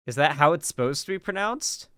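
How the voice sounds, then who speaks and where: Dry, clear-voiced male commentator. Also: a little high, animated, brisk, pushed and bright, no echo. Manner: casual, chatty, sarcastic asides. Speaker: commentary channel host. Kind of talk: reacting to a debate clip.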